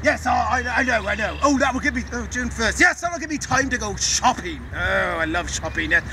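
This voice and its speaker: A man puts on a silly pirate with a very high, squeaky voice who rambles, forgets himself and chats to his rats. He sounds far from the mic, outdoors, with clear street and traffic noise around him. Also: animated, a little fast. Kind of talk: improvised comic pirate character sketch.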